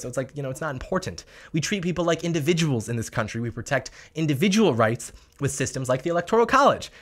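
A man's voice: fairly high pitch, a bit bright. A man hosting a political opinion vlog, talking in a sarcastic, mocking manner. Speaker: political commentary host.

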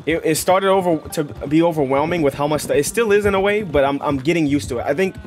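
A man giving casual, joking and rambling commentary while playing a game. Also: a little high. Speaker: gaming streamer. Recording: game music behind.

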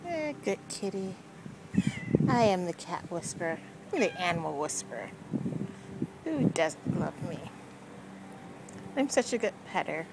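Casual vlogger woman, slow and lively, teasing herself; noisy street sound around her. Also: lowish voice. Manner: playful, self-mocking, talks to the cat. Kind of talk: casual narration while petting a cat. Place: outdoors on a street. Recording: noisy outdoor street recording.

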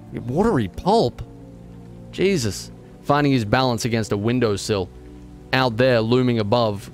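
A man streaming a game, reading its text passages aloud, stumbling over words and breaking off into exasperated, swearing rants. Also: lowish voice.

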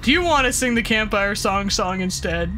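Brief: sharp-toned let's-play commentator, loud, swearing, quick to yell and laugh. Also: mid-range voice, animated, a little hiss or hum. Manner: loud, profane, laughing reactions. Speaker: gaming video creator.

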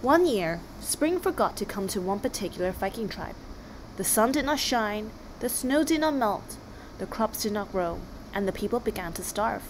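A woman reading a children's book aloud, expressive as she narrates. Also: medium pitch, moderate pace, slight background noise, low-quality recording. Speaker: storybook reader.

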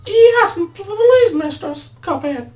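A man's voice: lively intonation, takes it slowly, heavily acted. A stammering cartoon mug boy. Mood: pleading. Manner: stammering, squeaky falsetto. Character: young male cup boy, frightened, pleading. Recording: roomy echo, faint background noise.

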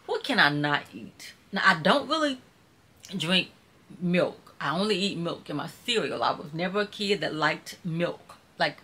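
On her YouTube live stream, a chatty Mississippi woman with a Southern accent speaks in a fairly low, husky voice that is still bright and forceful. She rambles warmly and folksily, calling her audience "child" and "y'all."

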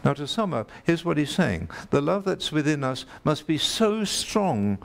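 Man, preacher, gravelly voice, emphatic sermon delivery, repeats key lines, questions the congregation. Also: fairly high pitch, very animated, unhurried.

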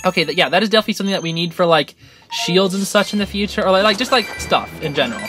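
A gaming channel host giving excitable, rambling let's-play commentary with frequent laughs. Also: mid-range voice, very fast, soft background music.

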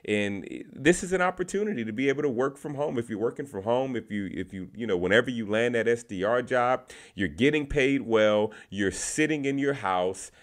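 A man's voice: mid-range voice, lively intonation, moderate pace, few pauses. A man talking casually to camera, sharing tips from his sales calls and often repeating words as he goes. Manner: conversational, repeats words, restarts phrases.

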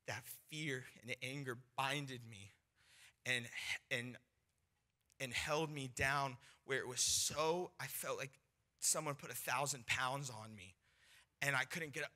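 A young man preaching, telling a personal testimony in an animated storytelling way and acting out the voices of people in his story. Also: mid-range voice. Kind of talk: sermon testimony.

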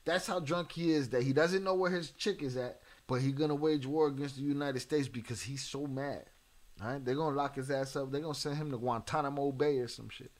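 A man's voice: mid-range voice, a little fast. A man hosting a reaction video, mocking and joking with profane banter. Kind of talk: reaction commentary.

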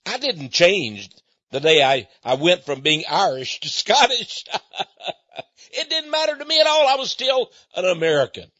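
Animated, husky-voiced man telling stories. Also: high voice, moderate pace, dry recording. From Texas. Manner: folksy storytelling with frequent chuckles. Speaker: radio host. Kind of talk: conversational monologue. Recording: dull lo-fi recording.

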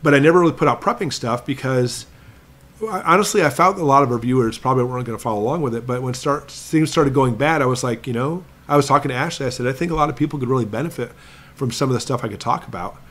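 Guy doing a prepping livestream q&a, emphatic, lecture-y, slows way down to hammer points. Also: medium pitch, a bit bright. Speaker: prepping channel host. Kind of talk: live stream Q&A.

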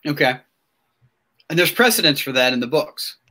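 Podcast host, male, chatty and excitable, trips over his words; bright, higher voice. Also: normal speed. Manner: excitable, rambling fan talk with many restarts. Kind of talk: casual chat.

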